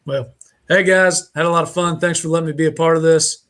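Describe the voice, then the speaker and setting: A man's voice: a little high, flat delivery, fairly quick, a bit bright. A man from Indiana, a podcast guest on a remote call, telling a story in a rambling, casual way with many fillers and restarts.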